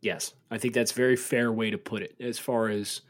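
A man co-hosting a football podcast, talking through draft takes in a measured, analytical way. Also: on the low side, steady tone. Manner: measured analysis, turns incredulous and emphatic when joking. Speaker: podcast co-host. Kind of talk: casual sports podcast chat.

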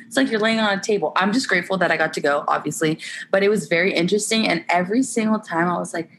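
A young woman, an Olympic softball player, chatting candidly as a podcast guest with lots of laughter and filler words. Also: lowish voice, fast, slight background noise. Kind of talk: casual podcast chat.

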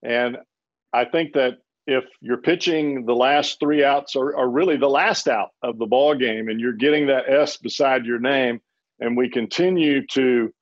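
A man's voice: medium pitch, measured pace. Rambling man on a dull lo-fi line. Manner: rambling, restarts often, chuckles. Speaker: former closer, panelist. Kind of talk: casual storytelling on a panel.

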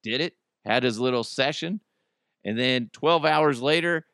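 Brief: lively male comic host, bright voice, dry close sound. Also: mid-range voice, a little slow, no room sound. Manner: animated, joking, laughing often. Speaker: podcast host. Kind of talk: comedic solo podcast monologue.

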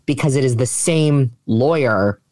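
A podcast co-host in casual chat, enthusiastic, with quick asides. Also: medium pitch, darkish tone, no echo, clean studio sound.

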